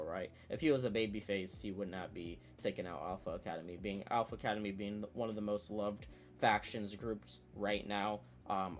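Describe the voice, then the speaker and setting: Chatty low-voiced man recapping excitedly. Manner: excitable, chatty, many fillers and self-corrections. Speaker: wrestling channel host. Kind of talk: casual recap vlog.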